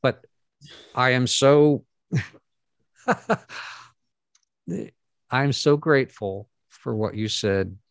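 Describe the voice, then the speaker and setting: A man's voice: medium pitch, very slow, pauses often, dry recording. A middle-aged man, a guest in a casual conversation, telling personal stories in an earnest, rambling way. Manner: earnest, storytelling, rambling asides.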